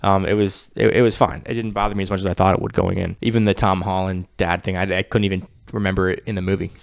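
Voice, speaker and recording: Co-host, male, low voice, chatty reviewer who mimics dialogue; dry recording. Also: level tone, creaky, no room sound. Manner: chatty, acts out lines in quick impressions. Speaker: podcast co-host reviewing a film. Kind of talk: casual chat.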